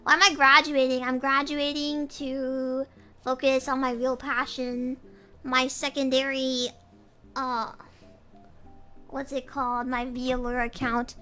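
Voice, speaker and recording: A young woman with a high, bright, sharp voice chats away on a livestream. She rambles and giggles while reading chat aloud, and soft music plays faintly behind her. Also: level tone, slow. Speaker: pirate cat vtuber streamer.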